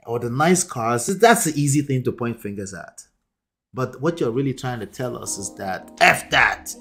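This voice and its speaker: A man reacting to clips as a relationship coach, emphatic and repetitive, laughing between points. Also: mid-range voice. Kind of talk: casual reaction commentary.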